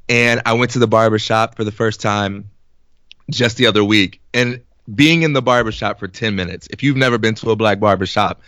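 A young man in his twenties telling an animated, laugh-filled story in casual podcast chat. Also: fairly low pitch, clear, resonant tone, no echo, clean studio sound.

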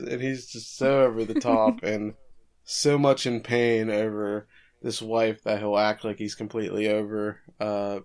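Male podcast co-host, lowish voice, laid-back recap with chuckles. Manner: relaxed storytelling, chuckles at the jokes. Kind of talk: casual recap of a show.

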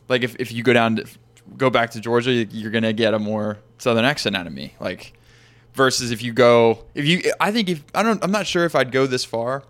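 A talkative man from Arizona chats casually with a friend, trailing off and restarting his thoughts, often breaking into laughter. His voice sits in an ordinary middle pitch. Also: a bit bright. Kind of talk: casual chat.

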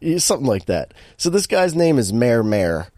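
Recorded dry in a clean studio, a man of medium pitch talks at a normal speed while co-hosting a podcast. He recaps a terrible movie in relaxed conversation, telling it with animation, frequent laughter and plenty of restarts.

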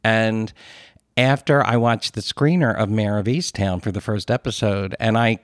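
A man's voice: fairly low pitch, normal speed, no room sound, studio quality. Chatty man with a Philly accent. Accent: Philadelphia. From Philadelphia area. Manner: chatty, self-deprecating, rambling asides. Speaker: podcast co-host. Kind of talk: casual podcast chat. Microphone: podcast studio mic.

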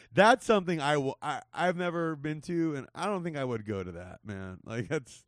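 A man's voice: fairly high pitch, very animated, measured pace, no room sound, clean studio sound. A man in his forties from Southern California hosting a casual comedy podcast, rambling, swearing and laughing often. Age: 40s. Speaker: podcast host.

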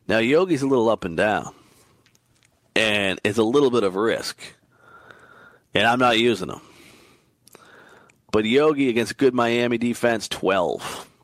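A man talking through his daily fantasy basketball picks in an excitable, emphatic way. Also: no room sound. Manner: excitable, emphatic, frequent pitch jumps. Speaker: fantasy sports analyst.

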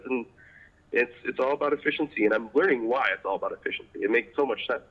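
A man chatting as a podcast guest, animated and laughing often as he tells his story. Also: medium pitch, quick pace, phone-quality sound. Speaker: podcast guest, apprentice pipe maker. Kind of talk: casual interview chat.

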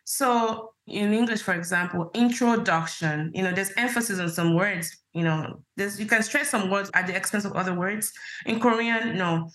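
A woman's voice: medium pitch, moderate pace, fairly bright tone. A woman in her thirties from Nigeria, a podcast guest who explains things patiently and laughs easily. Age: 30s. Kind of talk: casual interview chat.

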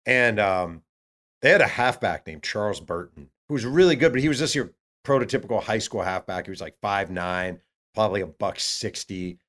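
A man, an author guest in an interview, telling stories in a lively way and acting out what others said. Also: on the low side, moderate pace. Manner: acts out quotes of others, many fillers. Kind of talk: animated storytelling.

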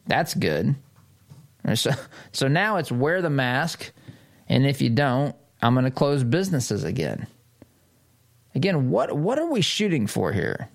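A middle-aged man hosting a political commentary show, reading an article aloud and reacting with sarcasm and emphatic jumps in pitch. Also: sing-song, unhurried, gravelly, pauses often.

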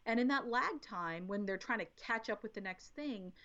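A woman guest talking about parenting in a casual podcast chat, explaining in an animated way and acting out little quotes. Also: medium pitch, normal speed. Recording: dull lo-fi audio.

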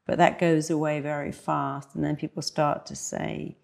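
A woman's voice: low-pitched, level tone, moderate pace, creaky, hardly any pauses, darkish tone. A woman therapist speaking as an interview guest, emphatic and acting out the voices she quotes. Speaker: hypnotherapist guest. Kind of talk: conversational interview.

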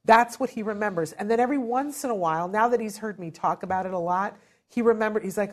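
A woman's voice: medium pitch, fast. Woman in her 50s hosting a chat, tells stories and does the voices. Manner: animated storytelling, voices quotes. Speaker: host and parent. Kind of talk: conversational webinar chat.

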